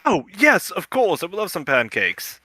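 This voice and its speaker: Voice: mid-range voice, wildly swooping pitch, moderate pace, sharp tone, dry recording, studio quality, voice pushed up, heavily acted. A player doing Bob, a homesick British adventurer. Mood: eager. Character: homesick male adventurer Bob, polite and food-loving.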